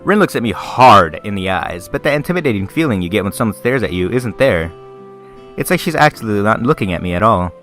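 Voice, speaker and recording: A man's voice: fairly low pitch, big pitch swings, brisk, fairly bright tone, soft background music. A young man hosting a let's play, reading a visual novel aloud and interrupting with crude, mocking jokes.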